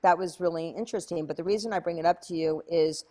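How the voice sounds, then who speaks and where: A woman's voice: on the low side, steady tone, fast talker, warm tone. A woman guest in an interview, telling a story in a chatty way with many fillers and acted-out quotes. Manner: chatty, many "like" fillers, acts out her own past lines.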